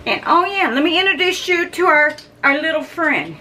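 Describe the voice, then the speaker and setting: A middle-aged woman reviews snacks on her video channel, chatting casually to the camera and humming and chewing between bites. Her voice is high-pitched and sharp, with lively intonation, a moderate pace and hardly any pauses. The mic is distant and there's faint background noise.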